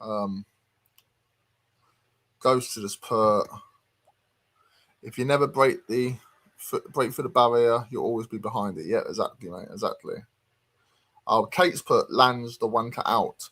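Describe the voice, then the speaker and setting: A man's voice: mid-range voice, a little slow, long pauses, fairly bright tone. A man hosting a casual livestream chat, reading out viewer comments with lots of hesitant ums. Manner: reads viewer comments aloud, chatty and hesitant. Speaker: host.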